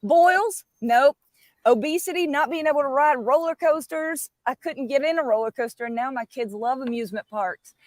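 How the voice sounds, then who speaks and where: Woman w on a video call, real fired up, high voice, super dry. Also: moderate pace, no room sound. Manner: fired-up, animated storytelling. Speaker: guest. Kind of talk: enthusiastic livestream chat.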